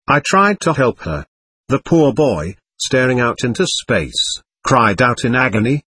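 Husky male audiobook narrator. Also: medium pitch, very animated, unhurried, bright, forceful tone, no echo. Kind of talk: scripted first-person narration.

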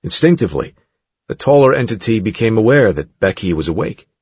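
A man narrating an audiobook in a measured, dramatic way. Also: on the low side, sing-song, breathy edge, dry recording. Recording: dull dry studio recording.

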